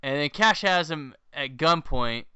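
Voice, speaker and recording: Bright, animated man recapping a film. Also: a little high, unhurried, clean tone, no echo, highs cut off. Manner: animated recapping of the plot, laughing asides. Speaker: podcast host. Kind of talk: casual movie recap.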